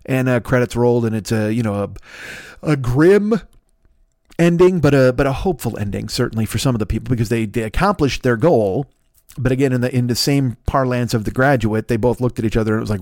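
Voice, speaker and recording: A man in his fifties rambles through a solo podcast monologue at a rapid clip, swearing freely and mocking himself. He keeps jumping into exaggerated voices for imagined people. The sound is dry and close. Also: mid-range voice, darkish tone, dry recording. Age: 50s. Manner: profane, riffing, self-deprecating, leaps into exaggerated mock voices. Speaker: podcast host.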